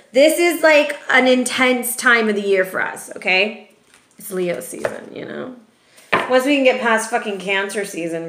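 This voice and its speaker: A woman's voice: medium pitch, fairly bright tone. A woman giving a casual tarot reading, chatty and profane, often ending remarks with "okay?". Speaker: tarot reader. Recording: roomy echo.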